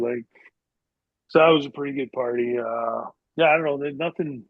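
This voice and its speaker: A middle-aged man who used to play hockey tells casual stories as a podcast guest, drifting along and leaning on filler words. His mid-range voice holds a steady tone at a moderate pace. The lo-fi recording is dull and dry, made close up with no room sound.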